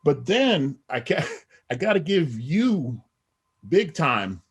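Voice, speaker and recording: A man's voice: fairly high pitch, very animated, slow pace, husky. A middle-aged man, a podcast guest, talking in a rambling casual way with many "you know what I mean" asides. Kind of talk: casual interview talk.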